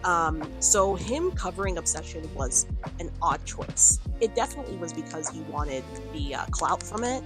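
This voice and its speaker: Woman commentator, lower register, casual vlog ramble full of "like" and "um". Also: animated, moderate pace, music in the background. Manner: rambling, filler-heavy with frequent "like" and "um"; chatty, laughs between points. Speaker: video commentator. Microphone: camera on a stand.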